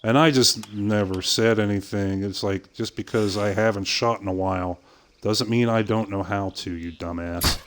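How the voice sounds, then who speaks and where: An older man streaming a game, casually telling a long story with swearing and quick impressions of other people. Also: lowish voice, steady tone, a bit bright, a little hiss or hum. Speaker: gaming streamer. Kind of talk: casual storytelling while playing.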